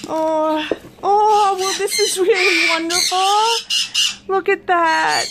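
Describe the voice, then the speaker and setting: Giggly high-voiced woman unboxing gifts. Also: unhurried. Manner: giggly, gushing, bursts into laughing fits. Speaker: vlogger opening a gift box. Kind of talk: casual unboxing vlog. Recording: noisy home recording.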